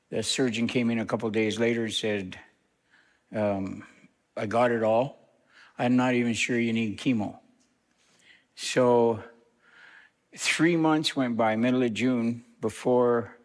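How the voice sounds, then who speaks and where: Older man telling his story, church reverb. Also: medium pitch. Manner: plain, conversational storytelling with restarts. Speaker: guest minister. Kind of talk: telling a personal story to a congregation. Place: church sanctuary.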